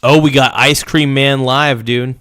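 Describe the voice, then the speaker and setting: A man's voice: mid-range voice, fairly even intonation, measured pace, a bit bright, smooth, dry recording, clean studio sound. A man hosting his own livestream, casually reading viewer comments and chatting about trading, calling people dude. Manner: laid-back, calls people dude and man, reads out chat. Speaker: streamer host reacting to a livestream.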